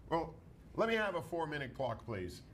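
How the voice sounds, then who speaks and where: A man hosting a live TV shopping show, pitching gemstones with emphatic, showy salesman delivery. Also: sing-song, normal speed, fairly bright tone. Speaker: home shopping host.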